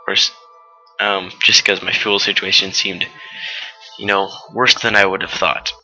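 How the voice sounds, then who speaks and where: A man's voice: sits low, flat delivery, unhurried, sharp tone, faint music behind, poor audio. A fifteen-year-old boy giving a rambling, casual voice-over for his gameplay video, full of fillers and asides about going off topic. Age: 15, teenager. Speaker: let's-play commentator.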